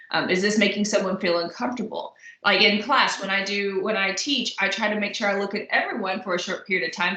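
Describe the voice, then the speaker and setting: Chatty woman lecturer with a bright voice. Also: mid-range voice. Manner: conversational, many fillers and asides. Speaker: college instructor. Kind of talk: recorded lecture. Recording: echoey room.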